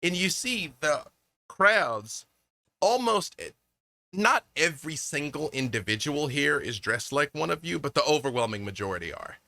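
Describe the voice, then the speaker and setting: Casting: male game master, lively pitch, bright forceful voice, dry close sound. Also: normal speed, gravelly, dry recording. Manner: descriptive, animated narration with fillers. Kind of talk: narrating a tabletop game.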